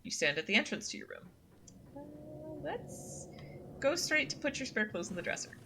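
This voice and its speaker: Against some background noise, a young woman reads a story game's narration aloud in second person while chatting casually, using fillers like um and uh. Her high-pitched voice makes big pitch swings at a moderate pace. It's easygoing let's-play commentary.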